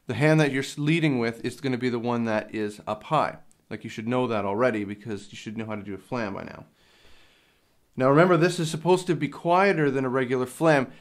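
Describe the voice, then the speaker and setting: Man teaching a drum lesson step by step. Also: medium pitch. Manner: plain step-by-step explaining with fillers. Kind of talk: instructional lesson. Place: drum studio. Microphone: handheld field recorder.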